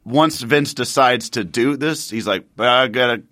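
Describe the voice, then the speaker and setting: A man's voice: mid-range voice, measured pace, a bit bright, no echo, clean studio sound. A man co-hosting a casual chat, joking and chiming in with wry asides. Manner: joking, laughing along, chiming in. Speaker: podcast co-host.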